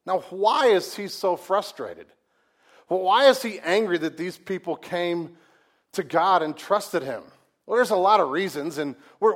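A man's voice: sits high, animated, measured pace. A man preaching a sermon as pastor, in a conversational, folksy way with humorous asides and rhetorical questions to the congregation.

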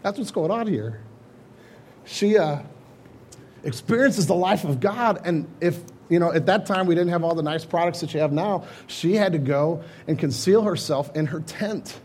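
A man's voice: on the high side, normal speed, a little hiss or hum. A man preaching a sermon, retelling scripture in a loose, conversational way. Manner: casual storytelling preaching, animated retellings. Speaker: pastor.

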